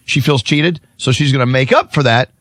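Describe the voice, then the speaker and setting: A man's voice: medium pitch, a little fast, no echo, clean studio sound. A man hosting a morning radio show, joking with co-hosts and reading segments. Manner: lively, joking, reads ads.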